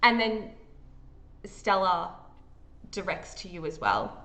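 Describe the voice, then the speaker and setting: A woman with an Australian accent running a tabletop horror game as game master, describing the scene vividly and halting often with fillers. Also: lowish voice, sing-song, fairly bright tone.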